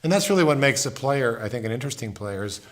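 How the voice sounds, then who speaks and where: A man giving a casual guitar lesson, explaining in a relaxed way and repeating words as he demonstrates. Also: medium pitch, quick pace. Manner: relaxed, thinks aloud, repeats words while playing. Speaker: guitar teacher. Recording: guitar music in the background. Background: acoustic guitar playing.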